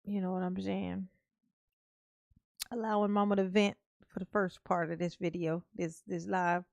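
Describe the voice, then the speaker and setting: A woman's voice: fairly low pitch, flat delivery, creaky, dry recording, dull audio. A woman hosting a casual livestream, talking in an affectionate, playful sing-song way and laughing with her viewers. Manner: calls herself Mama, drawn-out words. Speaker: livestream host.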